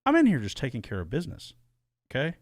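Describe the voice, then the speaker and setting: Brief: male podcast co-host, lively swooping delivery, stumbling restarts, dry close sound. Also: mid-range voice, fast talker, no echo. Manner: rambling, animated, repeats and restarts words. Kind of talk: casual podcast chat. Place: small soundproofed home studio.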